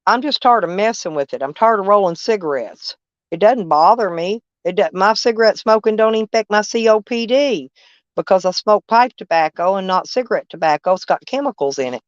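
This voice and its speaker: A woman's voice: mid-range voice, expressive, fairly quick, dry recording. An older woman with a drawl rambles through a casual live chat, folksy and blunt, swearing freely. She speaks from her camper over dull, lo-fi stream audio with a close, dry sound.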